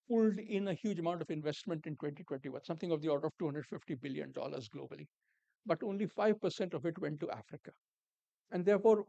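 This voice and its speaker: A man with a rather high voice delivers a formal conference address, speaking in a measured, deliberate way. He repeats words for emphasis and drops in dry asides. The sound is close and dry, with almost no room echo. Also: a little mellow, highs cut off. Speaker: panel speaker. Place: conference hall.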